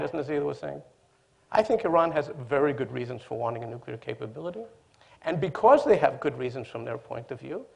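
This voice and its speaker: Gravelly-voiced man arguing on a panel. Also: on the high side. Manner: measured, emphatic argument. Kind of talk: panel discussion.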